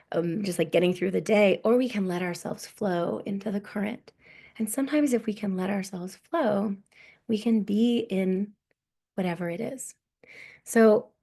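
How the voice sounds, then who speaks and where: A woman in her thirties giving a relaxed workshop talk as a sex coach, often tagging "right?" onto her points. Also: medium pitch. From United States.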